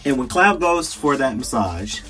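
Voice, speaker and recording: A young man with a Southern Georgia accent rambles through a casual solo podcast, laughing often and leaning on fillers. His voice sits in an ordinary middle pitch, with faint music playing under him. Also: big pitch swings, measured pace, fairly bright tone. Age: young adult. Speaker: podcast host. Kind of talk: casual solo game review talk.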